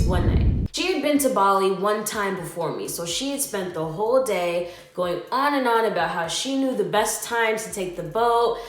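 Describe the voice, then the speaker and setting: A woman telling a storytime on her travel vlog, slangy and emphatic as she vents. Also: medium pitch. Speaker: travel vlogger. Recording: roomy echo.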